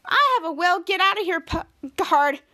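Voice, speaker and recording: A woman voicing a gang of taunting underground mole creatures from a sitcom, in a shrill, mocking voice. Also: expressive, normal speed, sharp tone, heavily acted.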